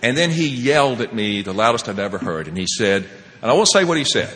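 A man shares his personal recovery story as a speaker at a meeting, animated and laughing often, his volume swinging between loud and hushed. His voice is medium-pitched and quick, with a long reverb tail.

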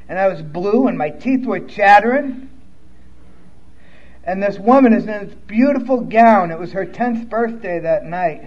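A man's voice: sits high, a little mellow, dull audio. A man sharing his personal recovery story, blunt and profane, openly emotional as he tells it.

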